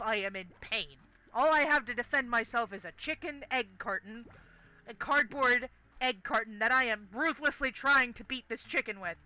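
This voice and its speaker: A young woman streaming a game and telling a story in an animated, profane, emphatic way. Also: fairly high pitch.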